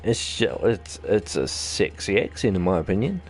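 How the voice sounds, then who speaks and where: Gravelly New Zealand man narrating gameplay. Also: deep voice, expressive, moderate pace, soft background music. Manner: rambling, jokey, self-deprecating chatter. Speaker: gaming channel host. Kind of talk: let's-play commentary.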